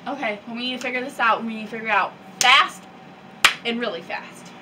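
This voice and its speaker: A woman's voice: fairly high pitch, a little fast, sharp tone. A woman playing a strict, impatient young woman who scolds others. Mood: stern. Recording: distant mic with hiss.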